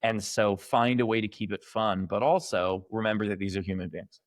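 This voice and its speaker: Co-hosting a podcast of casual opinion talk, a man in his late thirties to early forties speaks emphatically in a lowish voice at a moderate pace. He loudly acts out mocking cheers, and the studio-quality recording is dry.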